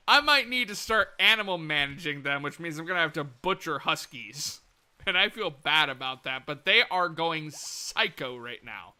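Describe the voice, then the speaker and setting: Young male game streamer, muttery and profane with sudden outbursts, lively pitch, very bright voice. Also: moderate pace, smooth. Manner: muttering to himself, swearing, sudden excited outbursts. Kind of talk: live gameplay commentary.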